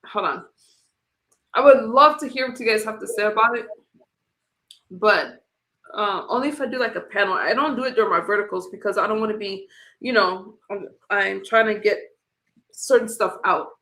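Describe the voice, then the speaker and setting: A woman's voice: mid-range voice, normal speed, long pauses, a bit bright, reverberant. A woman hosting a casual livestream panel, chatting loosely and trailing off mid-thought. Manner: chatty, trails off, reads chat aloud. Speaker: livestream host.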